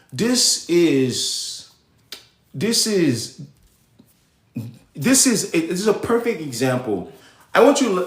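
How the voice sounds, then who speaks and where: A young adult man from Nigeria hosting a live show in casual commentary, animated and rambling, often cutting himself off. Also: on the high side. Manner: animated, rambling, self-interrupting. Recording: echoey room.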